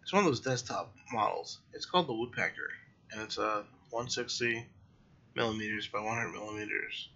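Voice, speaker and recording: A man's voice: lowish voice, a little fast, pushed and bright, slightly rough, dull audio. A tired man hosting a casual solo podcast late at night, rambling and correcting himself as he goes. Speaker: podcast host.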